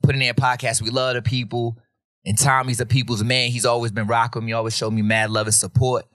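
A man's voice: mid-range voice, brisk, no room sound, studio quality. A man hosting a podcast, telling a casual, slangy story and acting out the other people's voices. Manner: animated, slangy, acts out quoted voices. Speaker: podcast host.

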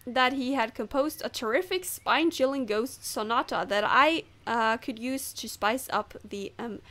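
A woman's voice: a little high, normal speed, a bit bright. A woman who is not a native English speaker, chatting casually over gameplay and laughing off her own misreads. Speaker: gamer.

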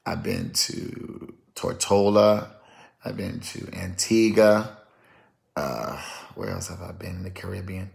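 A man talks casually on a live stream as a prophetic minister. His voice sits a little low and has a gravelly edge. He keeps it chatty and lively, greeting viewers one after another. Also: slow pace. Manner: chatty and lively, calling out names and places.

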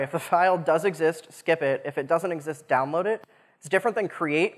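A young man giving a casual, joking technical talk at a conference, with lots of "uh" fillers. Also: a little high. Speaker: conference speaker. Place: large conference hall. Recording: long hall reverb.

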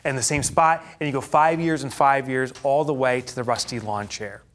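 A man's voice: mid-range voice, fairly even intonation, normal speed, fairly bright tone. A man presenting a live business workshop in a studio before an audience, telling anecdotes animatedly and laughing at his own stories.

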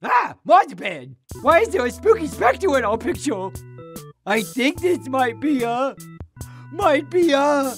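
A man's voice: very high voice, sing-song, unhurried, a bit bright, soft background music, exaggerated voice. A man voicing a dim, goofy cartoon hero who drawls his words. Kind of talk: cartoon voice acting.

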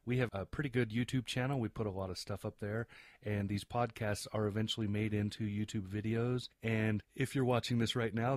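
A man's voice: on the low side, dry recording, clean studio sound. A man co-hosting a car podcast, wisecracking and plainly spoken. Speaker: podcast co-host. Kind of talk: casual chat.

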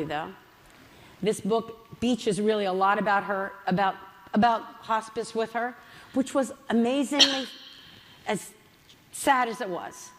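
A middle-aged woman telling funny family stories as an author on a festival stage, chatty and animated. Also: on the high side, big-room sound. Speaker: author speaking at a book festival. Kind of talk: humorous storytelling talk. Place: large festival hall.

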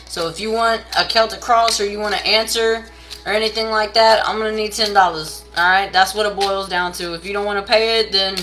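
Bright-voiced blunt tarot reader woman. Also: fairly even intonation, fairly quick, soft background music, low-quality recording. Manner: blunt and profane, scolding viewers; pushy sales pitch. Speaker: tarot reader doing a live stream. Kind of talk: casual live tarot reading.

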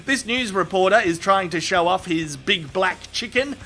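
A man narrates comedy clips with a crude, sarcastic edge. His voice sits high and sounds bright and forward. He delivers quick punchlines in a comic voice-over style. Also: animated, a little hiss or hum.

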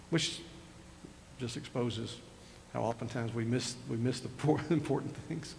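Older guy preaching, kinda gravelly, long church echo, faint hum behind. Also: mid-range voice, unhurried, a little mellow. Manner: conversational preaching, retells scripture with rising emphasis. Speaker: pastor. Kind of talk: sermon. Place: church sanctuary. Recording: reverberant church hall with faint ambience.

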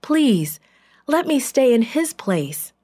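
Lady doing desperate brother begging, slow earnest voice, bible story for kids. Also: sits high, sing-song, warm tone, slightly rough, voice pushed up, exaggerated voice.

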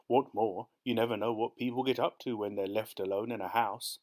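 A smug, teasing old husband, as a male narrator puts him on speaks in a low, curt voice. He brushes things off coldly. It is a storybook reading. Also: steady tone, a little fast, a little mellow, lightly acted. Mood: curt, dismissive. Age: older. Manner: curt, dismissive.

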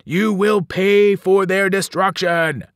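A man voicing a bloodthirsty, boastful cannibal giant who bellows slow threats in a storybook reading. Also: high-pitched, steady tone, a bit bright, smooth, dry recording, studio quality, pitched above the performer's own voice. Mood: bellowing threats. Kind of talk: audiobook character voice.

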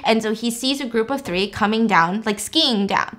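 A woman's voice: on the high side, normal speed, fairly bright tone. A young woman hosting a podcast, casually and animatedly retelling a movie plot with joking asides. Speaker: podcast host. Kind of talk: casual storytelling recap.

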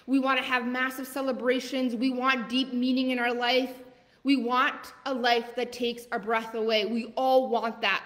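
A woman coach giving a live motivational masterclass, urging listeners on with rapid-fire repeated commands. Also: on the high side, fairly bright tone, in a large hall. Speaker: leadership coach.

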